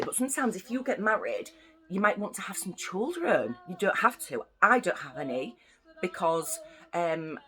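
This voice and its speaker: A woman's voice: fairly low pitch, fairly bright tone. A young woman from the UK reading a children's bedtime story aloud, with chatty, playful asides to the listening children. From United Kingdom.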